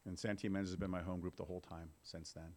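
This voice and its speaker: His voice sits low, level and darkish, and he talks fast. He's a man in his fifties telling a recovery meeting his own story candidly, in a conversational way that checks in with listeners.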